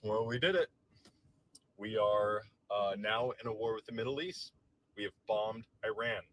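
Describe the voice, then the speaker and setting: A man's voice: on the low side, moderate pace, a bit bright, low-quality recording. A man delivering a heated, profane and sarcastic political rant to camera, visibly agitated. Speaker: political commentator.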